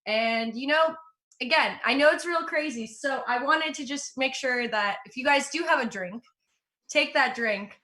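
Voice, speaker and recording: A young woman doing stand-up from home over a computer mic, upbeat and self-mocking. Her voice is bright and a bit high, and she talks with lively energy. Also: measured pace. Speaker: stand-up comedian. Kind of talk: stand-up comedy set. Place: at home in front of a green screen. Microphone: computer mic for an online show.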